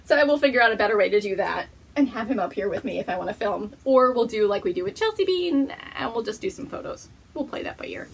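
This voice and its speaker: A woman's voice: medium pitch, lively intonation, fast talker, hardly any pauses, slightly rough. A woman hosting a knitting podcast, talking casually to camera in an earnest, encouraging way, and cooing to her pet.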